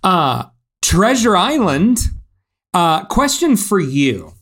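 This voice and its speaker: A man's voice: sits high, very animated, slow pace, a bit bright. A man co-hosting a podcast, chatting casually and animatedly, with plenty of fillers. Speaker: podcast co-host. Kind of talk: casual chat.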